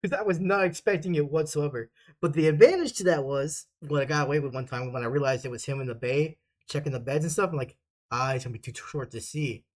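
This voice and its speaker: A man's voice: fairly high pitch, fast talker, few pauses. A young man casually telling stories from basic training, rambling and swearing a lot, laughing often as he goes. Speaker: vlogger. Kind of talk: casual storytelling.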